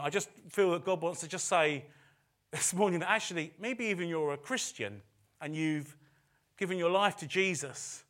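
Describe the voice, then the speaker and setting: At a church service, a middle-aged man with a fairly high, fairly bright voice preaches a chatty sermon, making self-deprecating asides and repeating phrases for emphasis.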